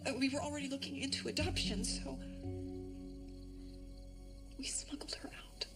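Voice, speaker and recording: An actress playing an adoptive mother in a TV drama, hushed and confiding. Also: high voice, fairly even intonation, moderate pace, in a whisper, over loud music.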